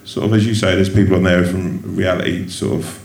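A man with a very low voice chats loosely on a theatre stage. He rambles and restarts his sentences and pokes fun at himself. The sound carries a roomy live-theatre echo. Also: little pitch movement, a little fast, creaky, a little mellow. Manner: rambling, self-deprecating, many restarts. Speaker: guest comedian. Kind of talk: casual stage interview. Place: theatre stage before an audience.

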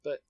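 A man's voice: dark tone, dry recording, lo-fi sound. A man co-hosting a podcast, telling stories in casual chat and laughing often. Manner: chatty storytelling, laughs often. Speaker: podcast co-host.

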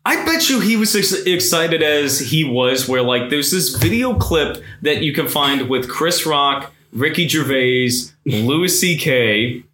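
Podcast co-host, male, sarcastic and animated, swears freely, a bit high-voiced, echoey room. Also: unhurried, hardly any pauses. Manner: animated, profane, reads articles aloud with sarcastic asides. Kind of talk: casual podcast chat. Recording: roomy echo.

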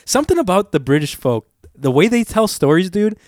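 A man's voice: high voice, fairly quick, no room sound, studio quality. Young man telling rambling stories. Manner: rambling, animated storytelling with lots of fillers and swearing. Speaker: storyteller in casual chat. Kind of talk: casual chat.

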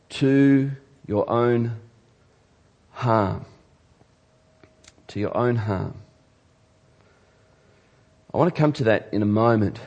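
A man preaching a sermon as pastor, swinging from loud emphasis to hushed, earnest asides. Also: lowish voice.

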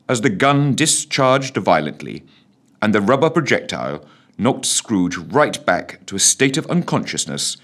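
A man narrating a comic story with a wry, mock-solemn delivery. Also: low voice.

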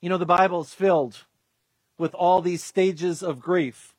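High-voiced pastor preaching earnestly. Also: male voice, fairly even intonation, a little slow, no room sound. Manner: earnest, acts out quoted voices, restarts with fillers. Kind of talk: sermon.

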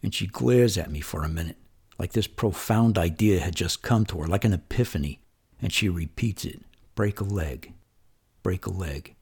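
Low, gravelly male storyteller from New York, husky, conversational and wry. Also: normal speed, a little mellow. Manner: conversational, vivid, wry retelling of childhood. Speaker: memoir storyteller. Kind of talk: personal storytelling monologue.

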